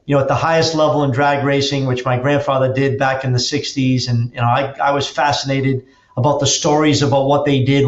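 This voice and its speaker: A man guest on a podcast, an energetic storyteller who acts out quotes and restarts his sentences often. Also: medium pitch. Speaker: podcast guest, auto dealer and drag racer. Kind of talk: casual interview talk. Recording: roomy, dull lo-fi sound.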